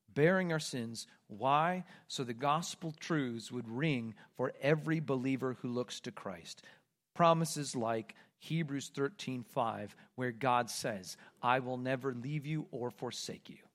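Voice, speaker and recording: A man preaching a sermon, reading scripture aloud and moving between loud, pleading cries and hushed, quiet lines. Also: mid-range voice, a little slow. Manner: reads scripture aloud with emphasis. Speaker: pastor.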